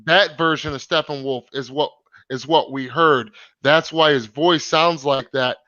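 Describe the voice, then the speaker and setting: A man's voice: on the high side, steady tone, measured pace, bright, forceful tone, no echo, lo-fi sound. A man hosting a casual live stream, reading comments and rambling with many fillers and restarts.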